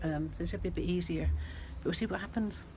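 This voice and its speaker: A woman's voice: lowish voice, fast. A woman vlogging casually to camera from her van, chatty and rambling. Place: in and around a van. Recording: loud vehicle noise.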